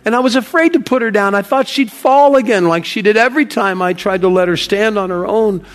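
An actor playing Josiah, a devoted ancient Hebrew father who earnestly recounts a miracle, shifting between loud wonder and hushed awe. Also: sits high, a little fast, natural voice. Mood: earnest storytelling. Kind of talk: dramatic first-person monologue.

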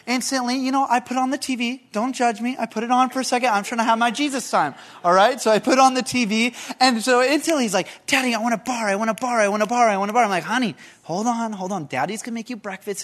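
A man's voice: extremely high pitch, fairly bright tone. A man in his thirties, a pastor preaching a sermon in a conversational way, with repeated phrases and questions to the congregation.

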